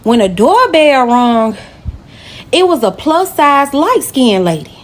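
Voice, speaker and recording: Animated woman telling a personal story. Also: sits high, slow pace. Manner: animated, emotional, talks straight to viewers. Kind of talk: casual storytime to camera.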